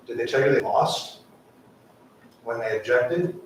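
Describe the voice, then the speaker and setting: A man's voice: medium pitch, measured pace, slight background noise. A man giving an impassioned public comment at a city council meeting, asking rhetorical questions. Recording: echoey council chamber mic from far off.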